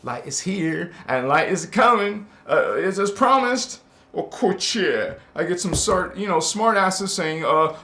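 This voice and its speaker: Male spiritual host with a high voice and a slow, hesitant, scolding delivery, recorded in a reverberant room. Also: lively intonation, slight background noise. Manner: preachy and scolding, with sudden loud chanted words; hesitant, many fillers and restarts. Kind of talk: confrontational spiritual monologue. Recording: echoey room.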